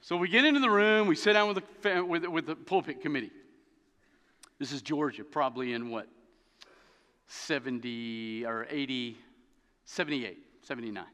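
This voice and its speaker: A man preaching a sermon as pastor, telling stories with an animated, dry humor. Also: medium pitch, normal speed, pauses often. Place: church sanctuary. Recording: long reverb of a church hall.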